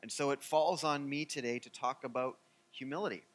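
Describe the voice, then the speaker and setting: A man preaching a sermon as pastor, animated and joking, with many fillers. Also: medium pitch, fairly quick.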